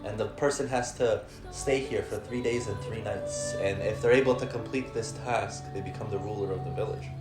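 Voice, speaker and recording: Sly trickster voiced by a man, smooth-talking, in a roomy space with music under it. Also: on the low side, moderate pace, few pauses, natural voice. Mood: persuasive.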